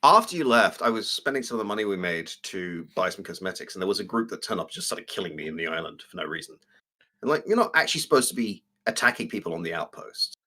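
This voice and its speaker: A man with a low, somewhat husky voice tells gaming stories in a casual live stream chat. His delivery swings up and down with animated energy, and his tone is bright and forward. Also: quick pace. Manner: storytelling, animated and amused. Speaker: co-host. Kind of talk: casual chat about video games.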